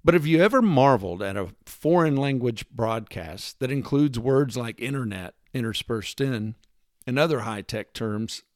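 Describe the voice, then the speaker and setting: Emphatic lecturing man, lively pitch. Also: moderate pace, no echo, clean studio sound. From United States. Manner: emphatic, sarcastic, lecturing with rhetorical questions; mimics accents in quoted lines. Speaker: commentator. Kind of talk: opinion monologue.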